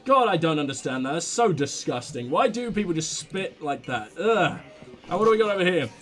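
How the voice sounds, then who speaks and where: A man's voice: on the high side, sing-song, brisk, fairly bright tone. A young man hosting a let's play, joking and reacting as he reads the game's text aloud. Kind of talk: gameplay commentary.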